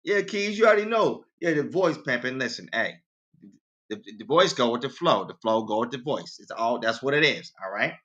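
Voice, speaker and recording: A man's voice: animated, moderate pace, a bit bright, highs cut off. A man hosting a casual radio show, telling dad jokes, laughing at his own punchlines and talking straight to his listeners. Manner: quoted voices go far higher in pitch.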